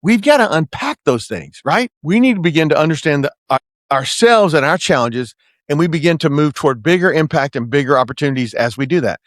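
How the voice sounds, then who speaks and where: A man's voice: fairly high pitch, lively intonation, brisk, dry recording, studio quality. A man hosting a podcast, giving an earnest motivational coaching talk and often checking in with "right?". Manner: earnest, preacher-like, keeps asking "right?". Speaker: podcast host and management consultant.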